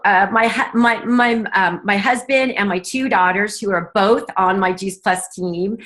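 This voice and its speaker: A middle-aged woman telling a heartfelt personal story as an interview guest, earnest and halting at times. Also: medium pitch, a bit bright. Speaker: guest, business leader.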